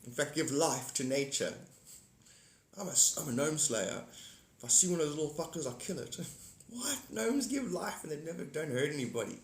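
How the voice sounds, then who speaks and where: A man's voice: a little high, animated, normal speed, gravelly. Rambling man, echoey room. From South Africa. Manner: rambling, repetitive, greets viewers by name. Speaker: livestream host. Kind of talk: casual livestream chat.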